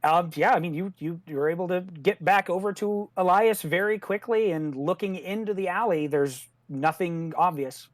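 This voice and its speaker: A woman with a lowish voice narrates a tabletop game as game master. She talks in a measured, thoughtful way, humming softly as she weighs things. The sound is close and dry. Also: no room sound.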